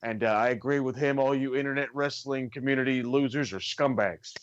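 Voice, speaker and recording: A man's voice: mid-range voice, a little fast, muffled recording. A man co-hosting a wrestling podcast in casual chat, ranting with lots of swearing. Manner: profane, ranting, animated.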